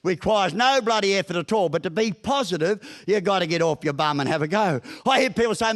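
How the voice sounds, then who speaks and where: A man's voice: high-pitched, lively intonation, a little fast, hardly any pauses. An Australian man in his sixties giving a motivational breakfast talk as a broad, joking storyteller with crude humour. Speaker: guest speaker. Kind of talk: motivational after-dinner talk. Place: function room at a business breakfast.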